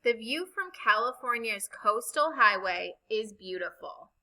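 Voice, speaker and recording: Slow, bright-voiced woman teaching reading. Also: fairly high pitch, animated, low-quality recording. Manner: slow, deliberate, spells out vowel sounds. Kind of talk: recorded reading lesson.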